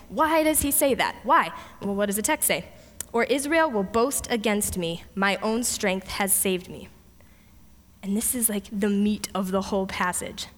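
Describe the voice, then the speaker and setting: A woman preaching a lively sermon, retelling a story with playful voices for the characters. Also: mid-range voice, a little slow. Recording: long hall reverb.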